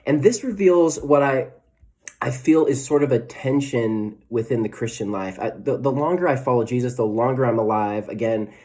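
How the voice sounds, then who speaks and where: A young man in his twenties delivers a sermon in an easygoing, conversational way, often restarting his sentences and checking in with "right?". His voice sits at an ordinary middle pitch with a soft, mellow, dark tone. He comes across as a pastor who jokes about himself while he teaches. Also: normal speed. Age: 20s. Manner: conversational, self-deprecating, frequent restarts and "right?" tags.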